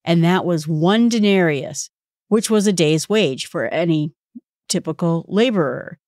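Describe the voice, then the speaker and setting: A woman's voice: on the low side, a little slow, darkish tone, no room sound, studio quality. A woman hosting a Bible study podcast, teaching conversationally, reading scripture aloud and asking rhetorical questions.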